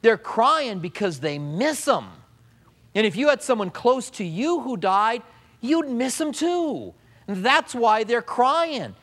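A man's voice: extremely high pitch, big pitch swings, unhurried, fairly bright tone. A man preaching a sermon as pastor, in a conversational way, often mimicking what people say.

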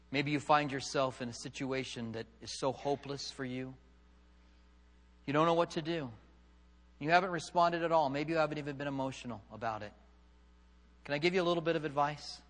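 A man preaching a sermon, swinging from loud, fervent passages to hushed, quiet ones. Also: mid-range voice, moderate pace, pauses often, long reverb tail. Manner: dramatic, swings from loud fervor to hushed tones. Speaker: pastor.

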